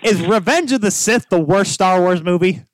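A young man co-hosting a casual sports podcast chat, excitable and quick to get loud and emotional. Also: sits high, no room sound, studio quality. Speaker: podcast co-host.

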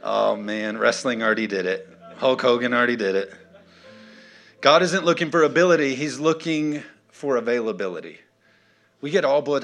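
A man preaching in a church, animated, swinging from loud, punchy calls to quiet, joking asides. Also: mid-range voice, moderate pace. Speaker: pastor. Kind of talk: sermon.

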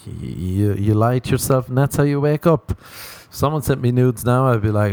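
A man's voice: mid-range voice, normal speed, a little mellow. A man hosting a podcast, rambling through a crude comic monologue, mocking himself and laughing at his own jokes. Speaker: podcast host.

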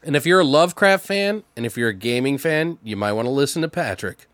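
A man's voice: medium pitch, expressive, fast talker, fairly bright tone, no echo. A man co-hosting a casual podcast, swearing a lot and rambling through horror news, a bit tipsy. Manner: profane, rambling, jokey. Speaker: podcast co-host.

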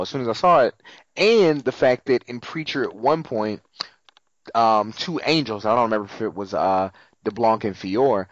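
A man tells a TV episode's story in casual podcast chat, acting out the characters' lines. His pitch swings widely as he talks. The sound is dry and a bit dull and lo-fi. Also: dry recording. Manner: animated storytelling, acting out quotes, swearing. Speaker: podcast co-host.

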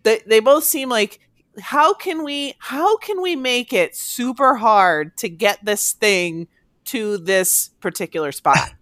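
A woman hosting a casual podcast with her husband, playful and quick to laugh. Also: mid-range voice, no echo. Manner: playful, giggly, animated. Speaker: podcast host. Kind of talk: casual chat.

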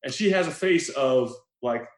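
A man hosting a casual podcast chat, telling a story in an animated way, laughing often and swearing freely. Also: medium pitch, unhurried. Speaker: podcast host reviewing a film. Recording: roomy echo.

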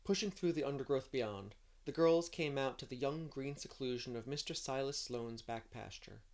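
A man reading a classic novel aloud in an expressive way, now and then adding a playful aside of his own. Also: mid-range voice, normal speed. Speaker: audiobook reader.

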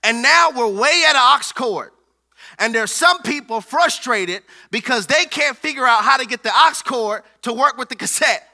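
A man's voice: extremely high pitch, animated, normal speed, gravelly, sharp tone. A man preaching a playful, joking sermon who calls out to his congregation. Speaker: pastor.

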